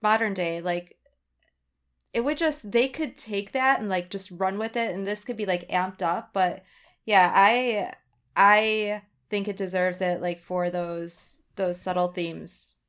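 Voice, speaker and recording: Female co-host, smooth voice, hesitant think-aloud delivery. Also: medium pitch, slow, a bit bright. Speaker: podcast co-host. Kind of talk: casual film discussion.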